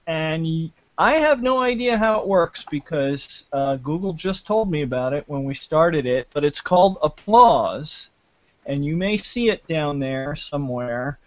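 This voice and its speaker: A man hosting a live online panel show from home, talking casually and haltingly with many fillers and restarts. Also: fairly high pitch, lively intonation, no echo. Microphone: video call. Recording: dull lo-fi glitchy internet audio.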